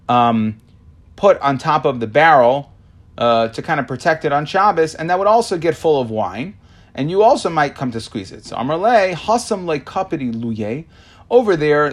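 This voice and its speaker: A man teaching a Talmud class, reading Aramaic lines and translating them, explaining with many fillers and restarts. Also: fairly high pitch. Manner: reads Aramaic then translates.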